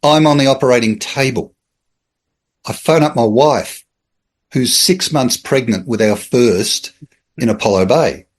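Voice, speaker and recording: Australian man telling a lively story. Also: medium pitch, unhurried, long pauses. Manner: animated storyteller, acts out quoted voices, chuckles. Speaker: podcast guest. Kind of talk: casual anecdotal storytelling.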